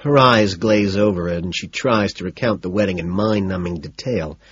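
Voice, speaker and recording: A man narrating a novel in the first person in a cool, detached, deadpan manner. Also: low voice, moderate pace, breathy edge, no echo, muffled recording. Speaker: audiobook narrator.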